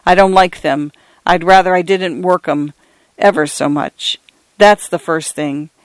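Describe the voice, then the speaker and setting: A man's voice: high voice, steady tone, a little slow, dry recording. A man voicing an ordinary little man who is bewildered and panicky, with plain common speech and frantic pleading. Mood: commanding.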